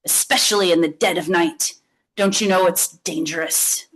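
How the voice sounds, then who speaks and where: A woman's voice: fairly low pitch, steady tone, normal speed, fairly bright tone. A woman reading aloud and voicing a stern, crabby old woman neighbor in a children's story.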